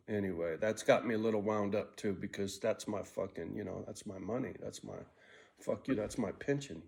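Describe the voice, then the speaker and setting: A man's voice: on the low side, moderate pace, gravelly, dark tone. Rambling, profane sixty-year-old man vlogging. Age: 60s. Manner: profane, rambling, jumps between thoughts; restless, frequent restarts and stumbles. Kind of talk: rambling casual monologue.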